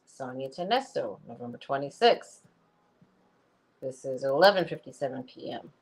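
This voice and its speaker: A woman's voice: sits low, normal speed, breathy edge. A woman doing a comic dramatic reading, dropping wry, chatty asides in a casual way. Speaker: comic reader.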